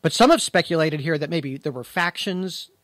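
A man gives a verse-by-verse Bible lesson, talking in an easy conversational way but leaning hard on the words he wants to stress. His voice sits a little higher than most men's. The sound is dry and close, with no room echo. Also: animated, normal speed, fairly bright tone. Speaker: Bible teacher.

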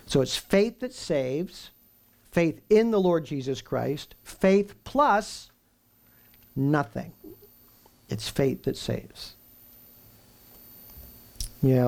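Gravelly-voiced man preaching a sermon. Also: fairly high pitch, a little mellow. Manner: emphatic, with rhetorical questions and slow stressed lists.

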